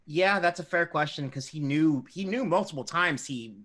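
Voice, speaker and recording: A man's voice: fairly high pitch, moderate pace. A man co-hosting a podcast, chatting casually and hedging his opinions with "like.". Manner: animated, hedging with "like". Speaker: podcast co-host. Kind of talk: casual chat.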